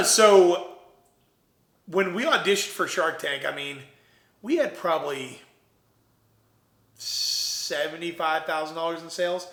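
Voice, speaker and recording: A young man from Ohio tells his business story with a bright, fairly high voice. He talks in a casual, animated way, acting out the lines of everyone in the story. The room sounds echoey around him. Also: slow, long pauses. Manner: animated, quotes himself and others in lively voices. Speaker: entrepreneur guest.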